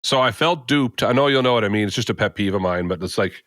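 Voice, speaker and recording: A man's voice: on the low side, fast talker, fairly bright tone, no echo, studio quality. Rambling man telling a story. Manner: rambling, many fillers and asides. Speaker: podcast host. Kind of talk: casual storytelling chat.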